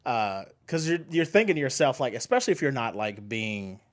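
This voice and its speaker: A man's voice: mid-range voice, very animated, brisk. A man co-hosting a podcast in casual chat, laughing often and cursing freely. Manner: laughs often, loose and profane. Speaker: podcast co-host.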